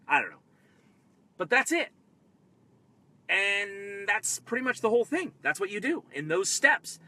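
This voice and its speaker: A man hosting a live tabletop-game advice stream, energetic and excitable, swinging between loud bursts and quiet asides. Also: fairly high pitch. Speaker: host.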